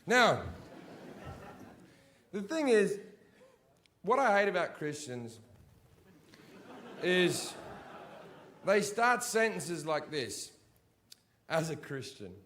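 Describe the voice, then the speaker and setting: A man's voice: high-pitched, big pitch swings, very slow, pauses often, a bit bright, slight background noise. Profane sardonic male stand-up comic. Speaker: stand-up comedian. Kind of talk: stand-up comedy set. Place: live comedy venue before an audience.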